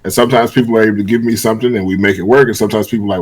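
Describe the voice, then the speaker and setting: A man with a somewhat low, husky voice talks as a podcast guest over a video call. He is easygoing and laughs a lot, and he often restarts his sentences. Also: fairly even intonation, racing, poor audio. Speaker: guest, e-fed runner. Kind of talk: casual podcast chat.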